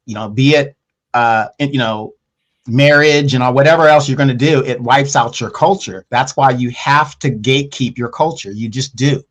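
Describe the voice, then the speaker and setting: Blunt man co-hosting a live stream. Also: mid-range voice. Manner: blunt and opinionated. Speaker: livestream co-host. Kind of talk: casual live chat commentary.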